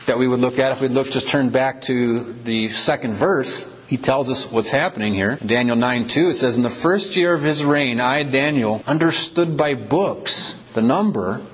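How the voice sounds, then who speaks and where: A man preaching a sermon, asking questions with emphatic rises in pitch. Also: moderate pace, few pauses. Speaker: pastor.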